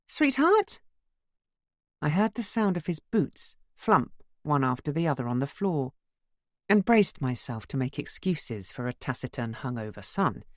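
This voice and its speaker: A woman reads a novel aloud in the first person, with a low voice. Her narration moves lively up and down. The sound is close and dry. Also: normal speed, no room sound. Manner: expressive first-person storytelling. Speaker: audiobook narrator. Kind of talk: scripted narration.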